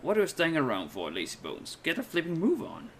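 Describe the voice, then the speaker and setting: A man voicing a cheeky male fairy sidekick, talking in a lower, gruff and scolding way. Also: huge pitch swings, quick pace, a bit bright, a little hiss or hum, exaggerated voice.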